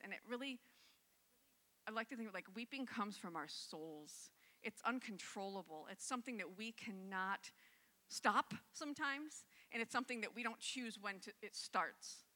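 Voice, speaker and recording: A woman's voice: medium pitch, pushed and bright, big-room sound. A woman pastor giving a sermon, reading scripture aloud and then reflecting on it in a conversational way.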